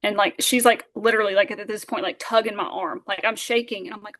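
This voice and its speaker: A woman, a podcast guest telling a lively story and acting out the voices of those in it. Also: mid-range voice, fast, few pauses. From Southern Alabama. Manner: animated, acts out dialogue, many fillers. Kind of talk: storytelling in casual interview.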